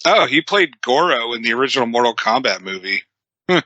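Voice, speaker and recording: Male co-host, laid-back chat, very bright tone, dry mic. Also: mid-range voice, very animated, fairly quick, no room sound, dull audio. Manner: laid-back, hesitant, laughs often. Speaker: podcast co-host. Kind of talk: casual podcast chat.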